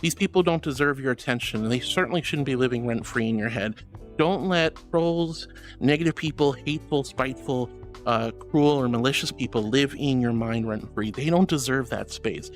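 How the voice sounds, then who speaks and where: A VTuber streamer chatting with viewers live, affectionately calling them honey and sweetheart, moving between soft reassuring advice and high excited thanks. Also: normal speed. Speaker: VTuber livestreamer. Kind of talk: casual livestream chat reading and pep talk. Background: faint music.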